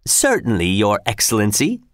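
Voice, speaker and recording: A man voicing a cheerful, overly polite old executioner in a high, chirpy voice. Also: wildly swooping pitch, normal speed, no echo, clean studio sound. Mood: cheerfully polite.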